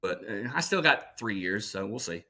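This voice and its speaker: A man in his thirties, a voice actor guesting on an interview, telling family stories in an animated, chatty way. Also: on the low side, normal speed. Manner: animated storyteller. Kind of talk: casual interview chat.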